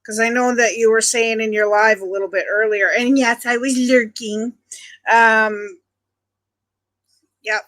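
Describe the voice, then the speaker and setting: Middle-aged woman from Ontario, livestream host; chatty and friendly with viewers, bright, slightly high voice. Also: fairly even intonation, unhurried. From Canada (Ontario). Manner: chatty, greets viewers by nickname. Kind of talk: casual chat with live viewers.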